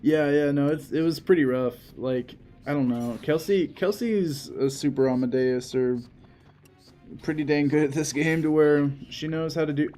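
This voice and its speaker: A man's voice: on the high side, steady tone, moderate pace, warm tone, faint music behind. A young man casually chatting while playing a video game as a co-host, laughing often and trailing off mid-thought. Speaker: let's play co-host. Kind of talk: casual gameplay commentary.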